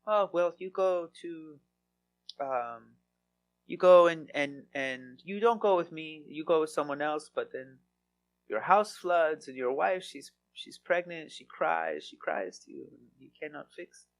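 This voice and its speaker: A man's voice: sing-song, takes it slowly, pushed and bright, exaggerated voice. A man imitating a pushy, towering contractor. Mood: ominous. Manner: broken, ominous sales pitch. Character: pushy, towering male contractor who bullies customers.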